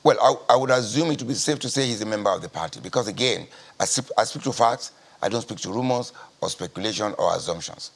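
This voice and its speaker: A Nigerian man speaking as a party spokesman in a news interview, measured and deliberate, often repeating his key phrases. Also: lowish voice, lively intonation. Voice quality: gravelly, husky. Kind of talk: guarded TV news interview answers.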